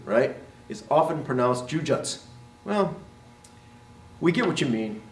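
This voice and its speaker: A man's voice: fairly high pitch, animated, measured pace. A man teaching as a martial arts instructor, explaining terms and modeling their pronunciation, often checking with "right?". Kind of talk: instructional talk to camera. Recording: roomy, voice from a distance.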